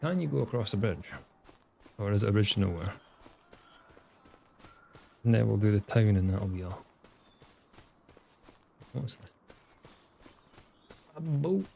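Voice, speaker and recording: A man's voice: fairly low pitch, unhurried, gravelly, pauses often, darkish tone, a little hiss or hum. A man giving casual, musing commentary while playing a farming game, thinking aloud with hesitations. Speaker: gaming streamer. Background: game music.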